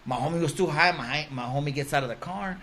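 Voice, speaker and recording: Slangy man with a bright voice. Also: fairly high pitch, quick pace, slight background noise. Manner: slangy, profane, laughs through his stories. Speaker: podcast guest. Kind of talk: casual storytelling.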